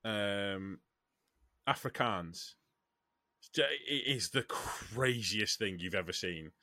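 A man hosting a casual podcast chat, animated, with frequent restarts and the odd swear word. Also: fairly low pitch, extremely slow, no echo, studio quality. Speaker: podcast host.

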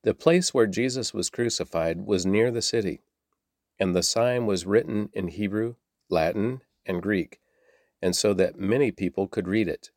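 A man reading scripture aloud in a very low voice. He keeps a steady pace, now and then repeating a word or correcting himself, and the sound is dry and close. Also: moderate pace, no room sound. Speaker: Bible reader.

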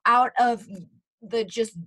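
A woman co-hosting a podcast, talking in a rambling, animated way with lots of fillers. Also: on the high side, slow pace. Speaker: podcast co-host. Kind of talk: casual podcast chat.

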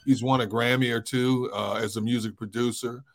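Middle-aged male sports host, average pitch, easygoing and sermonizing. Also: fairly even intonation, a little fast. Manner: easygoing, storytelling, preachy at times. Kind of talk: casual sports talk.

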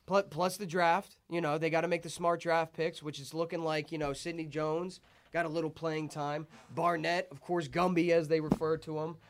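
A young man hosting a casual sports podcast, telling rambling, excited stories with plenty of swearing. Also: a little high, normal speed. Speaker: podcast host.

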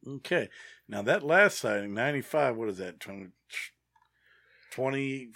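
A man's voice: mid-range voice, lively intonation, moderate pace, vocal fry, bright, forceful tone, no room sound, clean studio sound. Laid-back wisecracking man. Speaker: podcast co-host. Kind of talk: casual podcast chat.

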